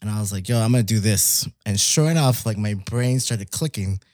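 A young man, telling stories in casual chat, animated, laughing often and dropping in Spanish words. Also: fairly low pitch, a little fast, no room sound, clean studio sound. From Mexico.

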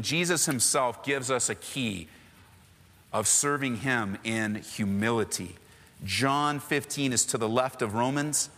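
A man pastor preaching an animated, emphatic sermon, repeating phrases and slipping casual slang into his teaching. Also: medium pitch, in a large hall. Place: church.

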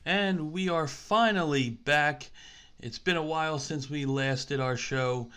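A man co-hosting a podcast in casual chat, easygoing, halting with fillers and laughing often. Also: fairly high pitch, a bit bright, soft background music. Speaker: podcast co-host.

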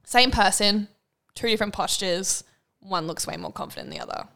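A woman's voice: mid-range voice, wildly swooping pitch, a little fast, gravelly, a bit bright. A young woman co-hosting a casual chat podcast, talking freely, laughing often and swearing now and then. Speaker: podcast co-host.

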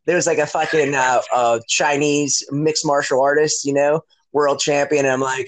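A man's voice: a little high, flat delivery, normal speed, hardly any pauses. Rambling, profane middle-aged man. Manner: rambling and profane, heavy with "like" and "you know". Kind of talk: casual storytelling chat.

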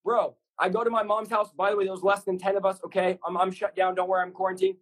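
A man's voice: high voice, steady tone, fast talker, hardly any pauses, fairly bright tone, breathy edge, rough recording. A man in his thirties, a pastor telling his story as a guest, passionate and rambling in a preacherly way. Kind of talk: fast energetic testimony sharing.

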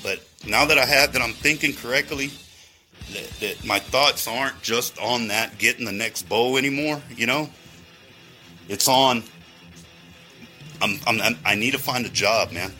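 A man's voice: medium pitch, measured pace, sharp tone, faint music behind. A man in a rambling, profane monologue, going off on tangents and talking straight to his listeners. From Texas. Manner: heavy swearing, rambling tangents, addresses listeners directly.

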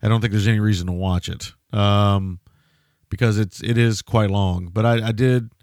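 A man co-hosting a podcast, talking in a laid-back, measured way. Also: fairly low pitch, steady tone, a little mellow, no echo, clean studio sound. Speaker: podcast co-host. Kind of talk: casual chat.

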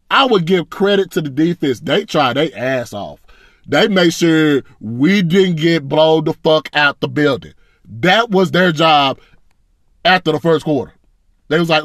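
A man's voice: a little high, lively intonation, unhurried, fairly bright tone, no echo, clean studio sound. A man ranting as a fan, blunt and profane, in a casual, frustrated reaction. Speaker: sports fan commentator.

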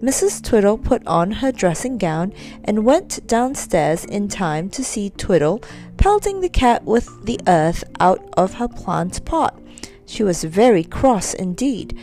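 A woman reading a children's story aloud, expressive and storytelling. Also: medium pitch, measured pace, faint music behind.

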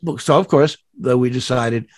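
A man's voice: medium pitch, moderate pace, no room sound, studio quality. A man, a voice actor being interviewed, telling rambling anecdotes full of fillers and restarts, laughing at his own stories. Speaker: voice actor guest.

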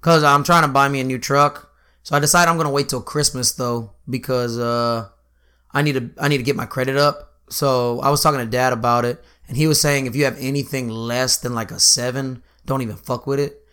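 A young man chatting casually, telling animated stories with lots of laughing and swearing. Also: medium pitch, brisk, smooth. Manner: animated storyteller, laughs often, swears freely. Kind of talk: casual chat.

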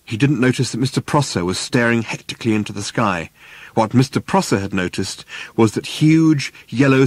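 A man reading an audiobook aloud in a measured, dry storytelling manner. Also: medium pitch, no echo. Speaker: narrator. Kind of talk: audiobook narration.

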